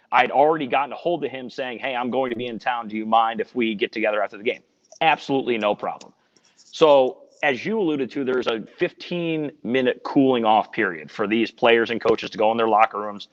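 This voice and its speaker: A man working as a sports radio reporter, telling a story in a casual podcast chat, earnest and rambling with frequent restarts. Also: mid-range voice. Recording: dull lo-fi audio with long reverb.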